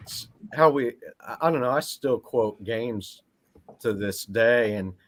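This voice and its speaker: A man's voice: medium pitch, measured pace. A man co-hosting a podcast, telling rambling stories in a casual chat about video games. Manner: rambling, quotes game lines. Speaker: podcast co-host.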